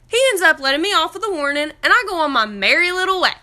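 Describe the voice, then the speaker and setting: Blunt bright high-voiced woman. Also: expressive, fast talker, few pauses. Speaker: student. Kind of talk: casual storytime.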